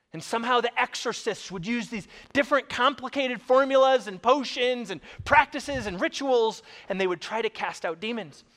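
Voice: medium pitch, fairly bright tone. A pastor preaching a sermon to a church congregation, conversational and joking, often repeating words. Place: church service before a congregation.

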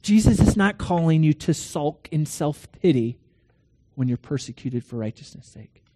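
A middle-aged man preaching a sermon, earnest, swinging between loud questions and hushed lines, telling stories with quoted dialogue. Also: a little high, expressive, moderate pace. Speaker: pastor.

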